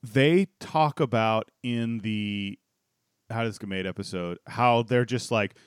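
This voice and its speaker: Smooth-voiced man chatting casually. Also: lowish voice, a little slow, no room sound, studio quality. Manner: rambling, animated retelling with many restarts. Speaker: podcast co-host. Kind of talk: casual chat.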